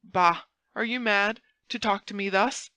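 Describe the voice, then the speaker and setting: A woman's voice: medium pitch, measured pace, pushed and bright, no room sound. Haughty noble duke read by a woman, imperious, indignant, dry close recording.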